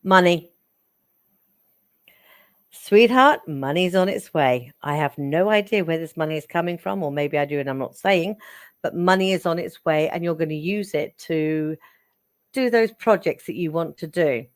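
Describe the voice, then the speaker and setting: A woman giving psychic readings on a live stream, chatty and affectionate, getting excitable and calling viewers darling. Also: deep voice, normal speed, no echo, studio quality. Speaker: psychic reader.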